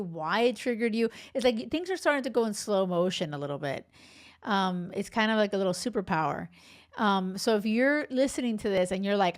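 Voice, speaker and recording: A medium-pitched woman in her forties hosts a dating podcast as a coach, delivering a blunt, casual monologue. She swears freely and laughs between her asides.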